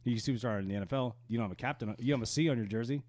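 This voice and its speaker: A man's voice: medium pitch, racing, darkish tone, dry recording. A man co-hosting a casual podcast, teasing and laughing often as he argues his point. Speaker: podcast co-host. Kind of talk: casual chat.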